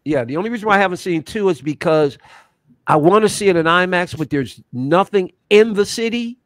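A man's voice: high voice, fairly quick, no echo, clean studio sound. A man co-hosting a casual livestream chat, telling stories with enthusiasm. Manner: animated, enthusiastic storyteller.

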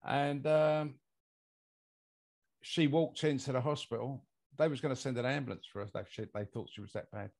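With vocal fry and a slightly mellow, medium-pitched voice, an older British guest on an interview podcast, a mold investigator, speaks at normal speed in a steady tone. He rambles through a long personal anecdote, leaning on fillers.

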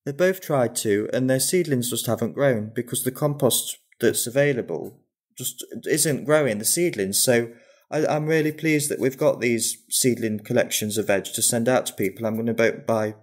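A man's voice: medium pitch, moderate pace. A young man, a guest on a gardening podcast, chatting casually and rambling through his thoughts. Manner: warm, rambling with restarts.

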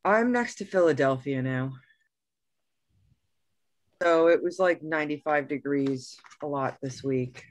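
A woman's voice: sits low, measured pace, pauses often. A woman chatting casually on a video call, friendly and conversational. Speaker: gardening group member.

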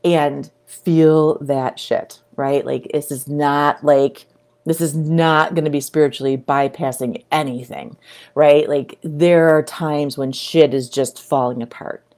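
A middle-aged woman talking casually to camera as a coach, animated and breaking into excited exclamations. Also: sits low, slow. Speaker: video creator and coach.

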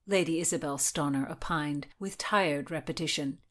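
A woman narrating a historical story in a measured, dramatic way. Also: sits low.

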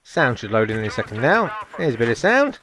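A man's voice: mid-range voice, big pitch swings, a little fast, a bit bright, a little hiss or hum. A man giving jokey, chatty, self-mocking commentary over a video game. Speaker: gameplay commentator. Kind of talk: casual gameplay commentary.

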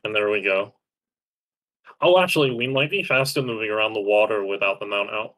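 A man's voice: lowish voice, brisk, a bit bright. A young man streaming a video game live, bossily instructing a teammate and swearing when frustrated. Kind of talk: live gameplay chat.

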